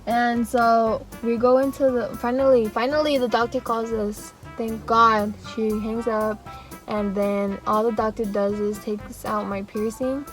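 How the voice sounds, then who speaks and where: A young woman vlogger telling a rambling, animated storytime, laughing and acting out quotes as she goes. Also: fairly high pitch, measured pace, soft background music, rough recording. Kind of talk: casual storytime.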